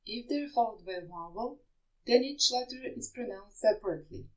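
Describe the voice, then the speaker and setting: A woman's voice: medium pitch, animated, moderate pace, poor audio. A woman teaching pronunciation, spelling out rules and carefully over-articulating example words. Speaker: French teacher. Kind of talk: slow, deliberate pronunciation lesson.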